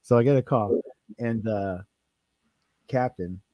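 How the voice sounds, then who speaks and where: A man's voice: medium pitch, slow, no echo, lo-fi sound. A man telling rambling, profane stories in casual chat on a livestream. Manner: profane, animated storyteller.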